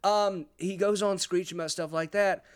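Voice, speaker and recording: A man's voice: sits high, fairly even intonation, normal speed, clear, resonant tone. A man hosting a podcast, giving sarcastic, profane political commentary in a mocking tone. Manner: sarcastic, swears a lot, mocking. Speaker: podcast host.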